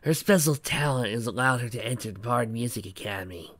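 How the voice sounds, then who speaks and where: A man voicing a friendly young mare who works at a club, talking slowly and easily in a read-aloud pony story. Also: mid-range voice, a bit bright, a little hiss or hum, close to an everyday voice. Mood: easygoing. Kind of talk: fan fiction read aloud.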